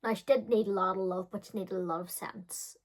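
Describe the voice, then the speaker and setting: A woman's voice: medium pitch, fairly even intonation, fairly quick. A woman in her thirties telling a personal story in a chatty, dramatic way, full of filler words. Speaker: vlogger. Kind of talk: casual storytime chat.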